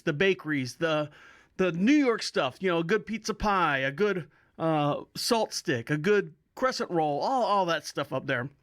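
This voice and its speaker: High-voiced chatty Florida man. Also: fairly bright tone, no echo, studio quality. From Orlando, Florida. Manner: chatty and upbeat, rambling asides with chuckles. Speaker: podcast host. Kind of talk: casual solo podcast chat.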